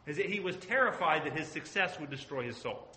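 A man's voice: a little high, expressive, brisk, bright, forceful tone, slight background noise. A man teaching a Bible study as pastor, earnest and asking his group questions. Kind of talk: conversational sermon. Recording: echoey room.

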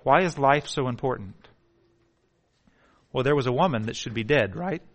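A man preaching a sermon, firing rhetorical questions and swinging between loud emphatic bursts and hushed, slow passages. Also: medium pitch, animated.

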